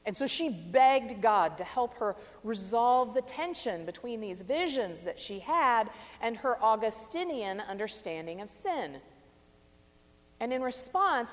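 A woman preaching a reflective sermon, measured and stressing key phrases. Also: mid-range voice. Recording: long reverb of a large hall.

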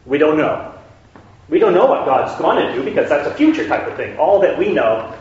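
A man's voice: a little high, big pitch swings, moderate pace, slight background noise. A man teaching a conversational Bible study lesson. He asks his listeners questions and often checks that they are following. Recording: echoey room, distant dull mic.

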